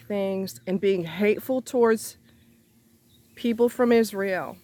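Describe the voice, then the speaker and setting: Ranting straight at her viewers, a woman delivers an angry, indignant monologue full of cursing and repeated rhetorical questions. She keeps a measured pace and darkish tone, but her pitch leaps up high whenever she gets heated.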